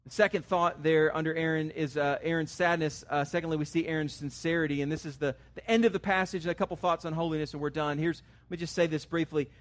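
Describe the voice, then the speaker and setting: A pastor delivers a sermon in a fairly high male voice. He talks earnestly and conversationally, with a few fillers, and pushes up in pitch and force when he stresses a key point. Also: steady tone, quick pace, few pauses. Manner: earnest preaching, rising emphatic on key words.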